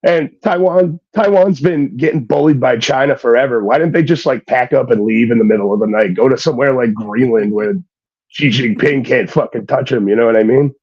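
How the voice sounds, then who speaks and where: A man's voice: mid-range voice, fairly quick, darkish tone, slightly rough, muffled recording. A male comedian guest on a comedy podcast, talking hesitantly with many fillers. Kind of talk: casual comedy chat.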